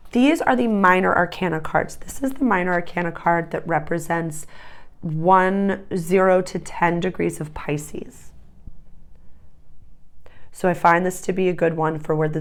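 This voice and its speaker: A woman talking casually and enthusiastically as an astrologer and tarot reader, emphatic and prone to rambling asides. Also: low voice. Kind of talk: casual spiritual vlog talk.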